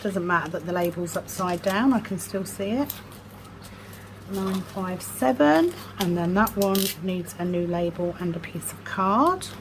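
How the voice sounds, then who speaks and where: A woman vlogging in casual chat while sorting craft supplies at home, self-deprecating, slowly murmuring numbers to herself. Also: fairly low pitch. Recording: noisy background hiss.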